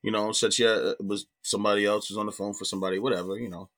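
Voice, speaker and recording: A middle-aged man, a comedian guest, telling a personal story in animated, profane casual talk. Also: lowish voice, rapid-fire.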